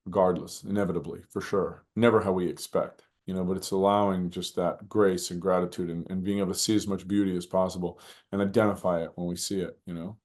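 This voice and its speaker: A man as a podcast guest, telling reflective personal stories with animated, acted-out moments and many "you know" fillers. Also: deep voice, quick pace. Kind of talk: reflective storytelling in conversation.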